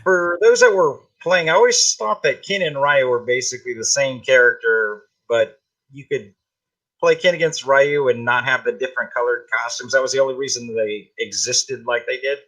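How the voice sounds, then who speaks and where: A man co-hosting a casual podcast, chatty and animated. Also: medium pitch, normal speed, rough recording. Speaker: podcast co-host.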